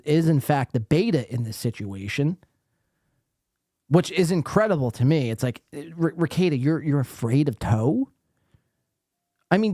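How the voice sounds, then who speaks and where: A man from the East Coast with a voice on the high side and a slightly mellow quality hosts a podcast, sarcastically reacting to a livestream, reading chat aloud, and swearing plenty in casual commentary. The clean studio sound has no room noise.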